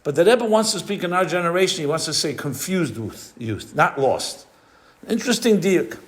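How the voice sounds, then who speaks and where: A man's voice: fairly high pitch, animated, normal speed. A rabbi giving an explanatory class lecture, explaining step by step and weaving in Hebrew and Yiddish terms. He often stops to search for the right word.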